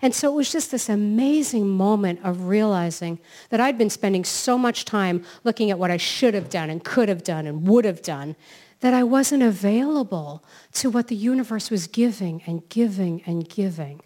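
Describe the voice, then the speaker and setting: Lively woman telling inspirational stories. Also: mid-range voice, normal speed. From New York City. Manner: lively storytelling, keeps asking "right?". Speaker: self-help author and speaker. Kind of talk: inspirational talk.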